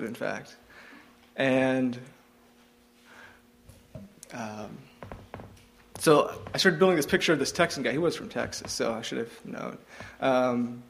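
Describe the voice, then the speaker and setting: A young man thinks aloud through a casual devotional reflection. His voice sits in a middle register. He pauses often, filling gaps with ums and restarting his sentences. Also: mid-range voice, gravelly, a little hiss or hum. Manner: hesitant, frequent ums and restarts. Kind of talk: informal devotional talk.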